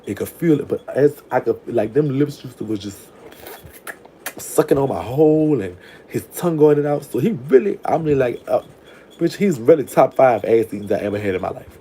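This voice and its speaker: A man's voice: medium pitch, expressive, moderate pace, warm tone, a little hiss or hum. A young adult man telling a crude story in a casual, brash way, laughing and trailing off into murmurs. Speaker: vlogger telling prison stories.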